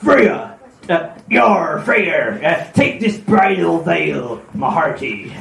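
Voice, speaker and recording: A man putting on a thunder god who talks like an old sea pirate, growling arr and my hearty in a low, gravelly put-on voice. The pirate drawl wobbles up and down in a live comedic myth reading. It rings through an echoey hall, with a crowd murmuring behind. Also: big pitch swings, takes it slowly, fairly bright tone, far from the mic, a little hiss or hum, exaggerated voice. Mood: blustery.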